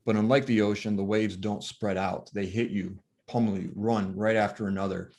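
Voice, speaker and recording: A man, a grieving father, telling his story earnestly and reflectively with soft pauses, from Michigan. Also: on the low side, fairly even intonation. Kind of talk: personal testimony talk.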